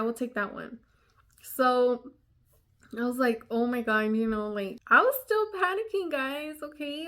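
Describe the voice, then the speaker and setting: Casting: young woman, storytime vlogger, chatty, fillers, slightly high voice. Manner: chatty, many fillers like "you know". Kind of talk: casual storytime chat.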